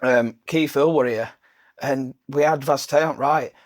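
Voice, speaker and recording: A man's voice: mid-range voice, unhurried. A man hosting a casual podcast chat, telling stories animatedly and laughing often. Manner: animated storyteller, laughs often, acts out swearing managers. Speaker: podcast host.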